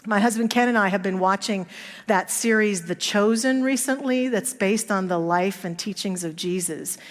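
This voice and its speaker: In a church sanctuary, a woman minister preaches a sermon, telling stories and performing the voices of the characters in them. Her voice is mid-range and her pace moderate, with the reverb of a church hall around her.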